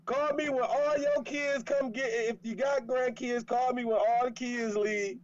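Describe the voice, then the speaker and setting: A man's voice: very high-pitched, steady tone, a little slow, dull audio. A man co-hosting a radio show, flirting and teasing in playful banter with stammering repeats.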